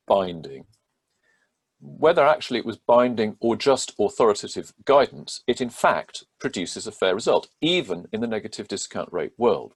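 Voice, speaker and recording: Low husky-voiced man explaining law. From England. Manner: measured, methodical, with frequent ums. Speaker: barrister. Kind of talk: legal explainer talk.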